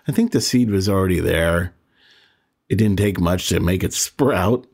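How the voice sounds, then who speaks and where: A man's voice: low voice, normal speed, darkish tone, breathy edge. A man in his sixties hosting a podcast, telling a personal story in a candid, self-deprecating way and chuckling as he remembers. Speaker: podcast host.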